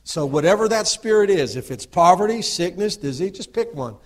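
A middle-aged man preaches with fervor, and his voice sits a little higher than most men's. He swings between murmured asides and loud, driving exhortation. He keeps checking that his listeners agree with him. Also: lively intonation, brisk. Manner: asks the audience for agreement. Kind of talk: sermon.

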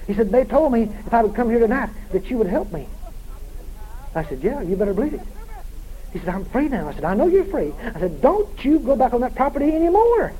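A man preaching a revival sermon, shouting and hammering phrases over and over, then dropping quiet. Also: high-pitched, sing-song, fairly quick, low-quality recording. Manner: shouting, emphatic repetition, swings loud and quiet.

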